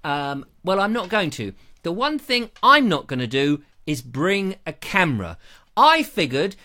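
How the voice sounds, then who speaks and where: A man's voice: fairly high pitch, very animated, a little slow, sharp tone. A man hosting a casual livestream, jokey and rambling, chatting into a lavalier mic. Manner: jokey, rambling, slips into silly voices. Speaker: livestream host.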